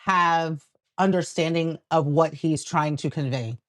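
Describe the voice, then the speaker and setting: A woman with a fairly low voice co-hosts a relaxed chat about a reality dating show. She talks in a measured way and explains her view step by step. Now and then she quotes what the cast said. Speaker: co-host. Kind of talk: casual reality TV recap chat.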